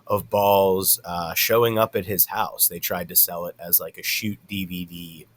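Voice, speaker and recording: A man with a somewhat low voice narrates a story for his own channel. His delivery is casual, relaxed and wry. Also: a little slow, slight background noise.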